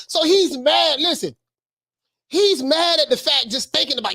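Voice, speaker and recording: An excitable woman with a notably high voice runs a live reaction stream. She laughs a lot, doubles up her words and keeps urging her viewers to look at the clip. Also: brisk. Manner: excitable, laughing, repeats phrases.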